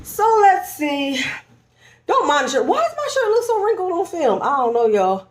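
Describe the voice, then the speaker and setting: Bubbly high-voiced woman chatting, echoey room. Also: big pitch swings, normal speed. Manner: bubbly, chatty, laughs often, says y'all. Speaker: vlogger. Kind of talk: casual pregnancy vlog chat. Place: at home.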